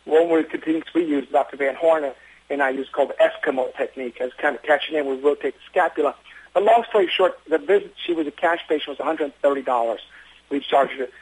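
A man who works as an emergency physician, telling stories in an interview with earnest, quick talk and frequent restarts. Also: on the high side, breathy edge, rough recording. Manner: fast, earnest storytelling with many restarts. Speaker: emergency physician running an urgent care. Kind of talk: interview conversation.

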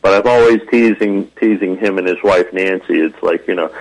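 A man's voice: sits low, normal speed, few pauses, poor audio. A man from the American South co-hosting a radio car show, talking in a rambling, folksy way and laughing easily. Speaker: co-host. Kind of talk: casual radio chat.

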